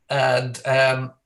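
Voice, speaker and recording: A man's voice: mid-range voice, vocal fry, a bit bright, a little hiss or hum. A man with a Geordie accent, a guest comedian chatting casually, rambling and laughing between phrases. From Newcastle, England. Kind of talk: casual chat.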